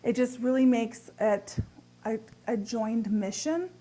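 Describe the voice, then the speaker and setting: A woman speaking as a marriage and body language coach, giving expressive, upbeat advice straight to camera. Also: on the high side, takes it slowly. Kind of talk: direct-to-camera advice talk.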